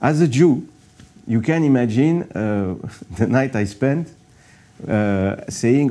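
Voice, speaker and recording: Man, mellow low voice. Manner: halting, many fillers. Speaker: guest, news channel founder. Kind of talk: interview storytelling.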